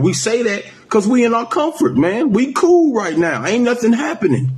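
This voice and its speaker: A man preaching a sermon, reading scripture slowly and then driving points home with repeated "man" and "right?". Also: high voice, big pitch swings, a little mellow. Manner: emphatic, ends phrases with "man" and "right?"; slows to a drawl when reading scripture. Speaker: street preacher.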